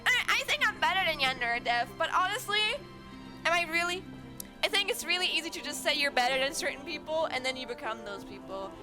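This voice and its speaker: A young woman from Germany chats with her viewers in a sleepy, giggly way. Her voice is high and swoops up and down, and she keeps breaking into laughter. Music plays clearly in the background. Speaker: streamer. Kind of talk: casual chat with viewers.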